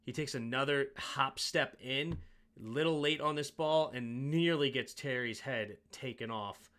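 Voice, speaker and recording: A man's voice: mid-range voice, a little slow, fairly bright tone. A man hosting a sports show, casually breaking down game film and thinking aloud with self-mocking asides.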